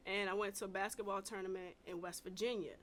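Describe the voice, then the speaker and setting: A woman from D.C. with an accent that mixes D.C., Baltimore and North Carolina, hosting a podcast and telling stories in an animated, slangy way. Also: mid-range voice, fast talker, slight background noise. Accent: mix of D.C., Baltimore and North Carolina. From Washington, D.C. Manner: animated storyteller, slangy and laughing. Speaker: podcast host. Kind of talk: casual interview chat.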